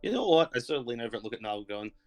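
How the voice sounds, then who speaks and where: A man's voice: medium pitch, big pitch swings, very fast, faint music behind. A man playing a tabletop game, joking in casual banter. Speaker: player.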